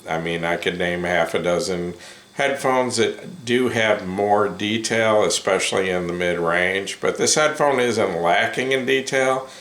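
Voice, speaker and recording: A man giving a casual first-impressions review of headphones, unhurried and full of ums and self-corrections. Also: low-pitched, a bit bright. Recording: roomy echo.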